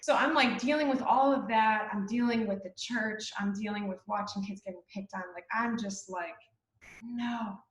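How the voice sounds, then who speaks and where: A woman's voice: mid-range voice, steady tone, a little fast, hardly any pauses, echoey room, low-quality recording. A young woman co-hosting a webinar, telling her story casually and acting out the voices in it, with frequent laughs. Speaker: webinar co-host.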